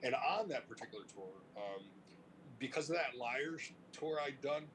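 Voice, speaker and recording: A man's voice: medium pitch, moderate pace, a little hiss or hum, rough recording. Profane, laughing middle-aged storyteller guy. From Cleveland, United States. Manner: animated, profane storyteller who laughs as he talks. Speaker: interview guest, music industry veteran. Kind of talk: casual storytelling interview.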